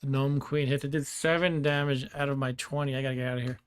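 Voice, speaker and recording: A man's voice: mid-range voice, steady tone, fast, clear, resonant tone, dry recording. A man giving casual let's-play commentary, thinking aloud and laughing often, with keyboard clicks behind him. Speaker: gameplay streamer.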